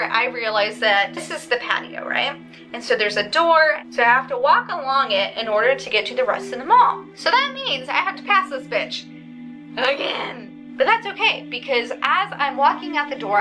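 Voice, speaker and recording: A woman vlogger on a windy day outdoors, telling her story in an indignant, profane rant. Her voice sits fairly high, and music plays under it the whole time. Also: poor audio. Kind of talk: casual storytime vlog.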